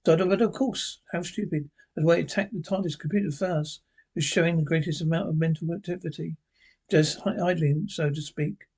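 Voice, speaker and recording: A man reading the part of a clever male time-traveling doctor, musing and halting. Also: on the high side, steady tone, darkish tone, husky. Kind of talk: reading a script aloud.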